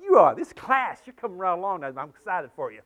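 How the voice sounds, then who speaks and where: A man's voice: high voice, very animated, a little fast, fairly bright tone. A man preaching a sermon to his congregation, earnest and repetitive, building to emphatic peaks. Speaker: pastor. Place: church sanctuary with congregation.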